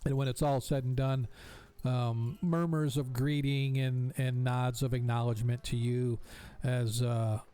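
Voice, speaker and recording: A man's voice: mid-range voice, flat delivery, unhurried, hardly any pauses, mellow, smooth. A man narrating a tabletop game as game master, rambling with many fillers.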